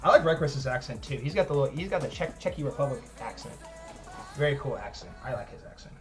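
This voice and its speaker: A man's voice: mid-range voice, expressive, quick pace, music in the background. A man hosting a live chess tournament stream in casual chat, rambling with lots of "like" fillers and joking at his own expense. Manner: rambling, heavy use of "like" fillers; joking, self-deprecating.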